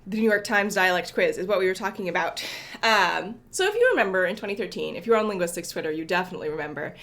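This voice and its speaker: A woman's voice: fairly low pitch, quick pace, fairly bright tone. A young woman hosting a casual coding livestream from her apartment, greeting viewers by name and a little sniffly from allergies. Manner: chatty, greets viewers by name, self-correcting. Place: apartment home.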